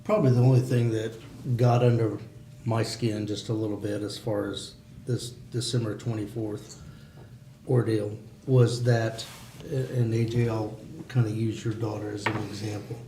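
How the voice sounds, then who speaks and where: A man's voice: on the low side, flat delivery, normal speed, warm tone, a little hiss or hum. Plainspoken man at a neighborhood meeting, heated in bursts, echoey room. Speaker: resident at a community meeting. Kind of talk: community meeting discussion.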